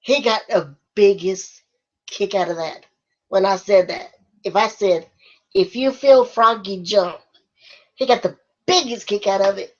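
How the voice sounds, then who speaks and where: A woman's voice: mid-range voice, normal speed, darkish tone, muffled recording. A woman vlogger answering viewer questions in a casual chat, often breaking into laughter.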